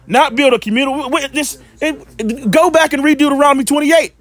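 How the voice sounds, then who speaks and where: A man's voice: very high-pitched, fairly even intonation, brisk, fairly bright tone. A man preaching informally and reading scripture aloud, scornful and repetitive, often stumbling over his words. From Western North Carolina.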